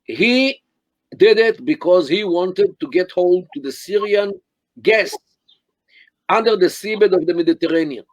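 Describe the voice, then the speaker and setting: Joining an interview by video call, an older man who is a Middle East scholar speaks in a high voice and is very animated. He is deliberate and emphatic, with many restarts and fillers. There is no echo.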